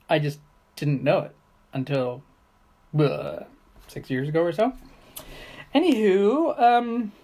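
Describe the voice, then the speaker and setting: Slow-talking woman just chatting to the camera, kinda rambly and goofy, lots of ums. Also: mid-range voice, darkish tone. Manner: rambling and playful, with many ums and uhs. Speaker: online video host. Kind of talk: casual chat to camera.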